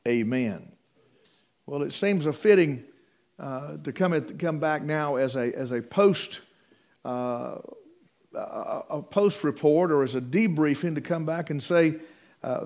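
A man's voice: medium pitch, a little mellow. A man preaching a sermon in a folksy, rambling way, with many fillers and restarts.

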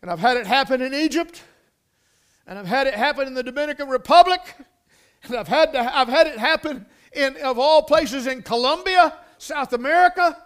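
In this sermon, a middle-aged preacher speaks in a fairly high, smooth voice that is animated and moderately paced. He comes across as homespun and heartfelt, repeating words to drive points home. Quiet passages alternate with fervent, loud bursts.

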